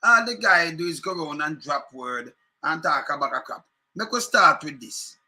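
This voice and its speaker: Jamaican male commentator, high bright voice, fiery and sarcastic, repeats points hard. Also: animated, moderate pace. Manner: fiery, repetitive, sarcastic, mixes patois. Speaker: political commentator. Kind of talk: heated political rant.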